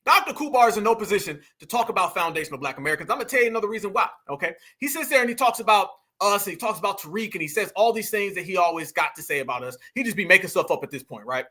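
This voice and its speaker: High bright-voiced mocking male host. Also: animated, rapid-fire, few pauses. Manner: mocking, laughing, addresses viewers as family. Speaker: commentary show host. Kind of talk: casual reaction commentary.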